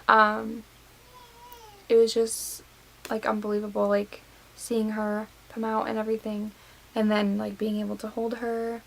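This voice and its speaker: A woman's voice: fairly high pitch, completely flat delivery, moderate pace, gravelly, poor audio. A nineteen-year-old woman vlogging casually to camera, recounting a personal story with lots of fillers, getting teary and emotional. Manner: emotional, many fillers and likes. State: tearful.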